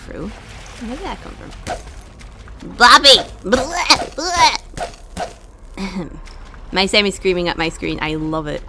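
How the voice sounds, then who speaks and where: A woman's voice: on the low side, takes it slowly, pauses often, background noise. A young woman, streaming a video game and chatting with her viewers, swearing and venting her frustration. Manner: swearing, talking to chat, frustrated outbursts. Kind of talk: casual live-stream commentary.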